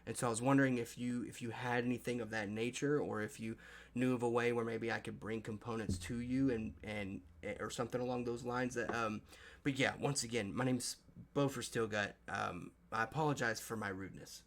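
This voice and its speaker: A man's voice: medium pitch, steady tone, brisk, natural voice. A man playing a flustered, overly polite male adventurer who rambles and apologizes. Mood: apologetic. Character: flustered, polite young male dwarf-ish smith.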